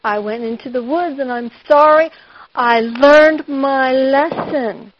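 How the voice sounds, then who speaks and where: A woman's voice: high-pitched, slow pace, highs cut off, slight background noise. A woman voicing a remorseful little girl who apologizes and promises to behave in a children's story. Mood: contrite. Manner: contrite, apologetic.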